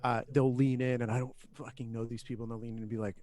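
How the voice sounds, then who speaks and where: A man's voice: medium pitch, fast talker, a little mellow. Rambling, swearing male podcast co-host. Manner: rambling, swears often, many restarts. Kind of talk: casual chat.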